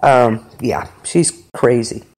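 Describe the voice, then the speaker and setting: A man's voice: medium pitch, slow pace, a little mellow. A man hosting a podcast, recapping a show episode in a rambling, filler-heavy way. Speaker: podcast host. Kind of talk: casual episode recap chat.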